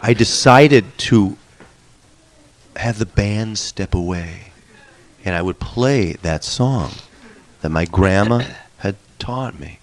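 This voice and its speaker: A man's voice: lowish voice, expressive, slow pace, pauses often. A middle-aged man telling a personal story in a wry, candid way, swearing now and then for emphasis. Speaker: musician and storyteller.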